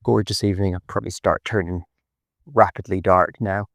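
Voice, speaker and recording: A man's voice: deep voice, fairly even intonation, brisk, vocal fry, no echo. An Irish man chatting and rambling in a phone voice note while walking outdoors. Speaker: podcast co-host. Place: park outdoors at dusk.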